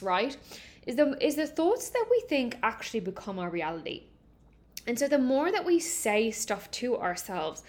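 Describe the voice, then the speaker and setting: Aussie lady hosting a wellness podcast, animated and casual, lots of like and right, kinda high-pitched. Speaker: podcast host, holistic gut coach.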